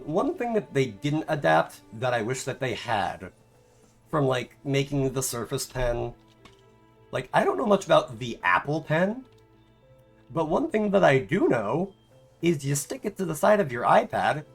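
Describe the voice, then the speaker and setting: A man streamer chatting casually, rambling off on tangents and filling his talk with "like" and "um.". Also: mid-range voice. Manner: rambling, filler-heavy, tangents. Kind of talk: casual chat.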